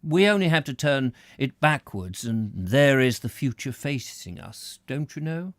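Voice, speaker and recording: A pompous middle-aged spirit medium, played by a man reading aloud. He stumbles over his words before drawing them out slowly with grand self-importance. The voice is raised a little and recorded close and dry. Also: medium pitch, sing-song, no room sound, pitched above the performer's own voice. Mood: grandiose. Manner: hesitant, stammering, grandly drawn-out.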